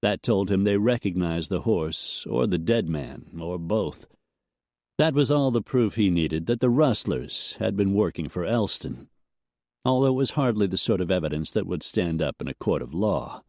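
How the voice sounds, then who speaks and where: Male audiobook narrator, low voice, lively intonation, dry close sound. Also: moderate pace, no room sound.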